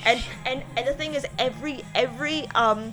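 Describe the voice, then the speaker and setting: A woman's voice: sits high, fairly quick, loud music behind the voice. A woman chatting casually while watching a film, joking and laughing as she riffs. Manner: playful, riffs on jokes and laughs while talking. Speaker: co-host of a watch-along chat. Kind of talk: casual chat over a film. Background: film soundtrack playing.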